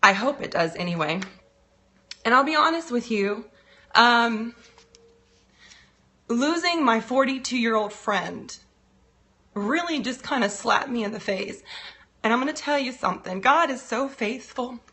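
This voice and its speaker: A woman's voice: on the high side, animated, a little slow, long pauses, bright, forceful tone. A woman coaching on a live stream, greeting viewers by name, then speaking earnestly about loss while holding back tears. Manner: earnest, heartfelt. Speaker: financial and business coach.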